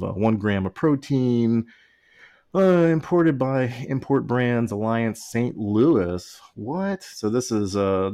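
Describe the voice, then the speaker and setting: Male podcast co-host, lowish voice; rambling, joking, quick to laugh. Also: dark tone. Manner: reads can labels aloud mockingly. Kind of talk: casual chat.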